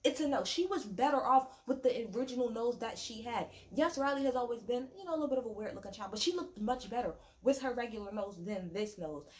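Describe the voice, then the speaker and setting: A woman giving a casual, profane, sassy rant reviewing a reality show, with quick mocking asides. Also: fairly high pitch, animated. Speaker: reality TV recap vlogger. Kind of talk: casual ranting recap.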